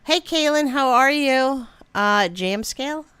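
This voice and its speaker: A woman's voice: sits high, expressive, takes it slowly, fairly bright tone, clean tone, no room sound. A woman chatting on a casual livestream, rambling with many fillers and greeting viewers by name. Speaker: livestream co-host.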